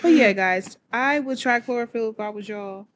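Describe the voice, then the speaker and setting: A woman's voice: on the high side, normal speed, heavy background noise. A young woman, chatting playfully as a podcast guest and laughing often. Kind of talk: casual chat.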